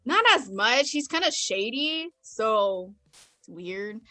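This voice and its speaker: A woman's voice: fairly high pitch, lively intonation, takes it slowly, bright, forceful tone, no echo. A young woman co-hosting a podcast, telling stories bluntly with lots of swearing and quoted comebacks. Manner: blunt, profane storytelling with quoted retorts. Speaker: podcast co-host. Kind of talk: casual chat. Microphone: podcast microphone.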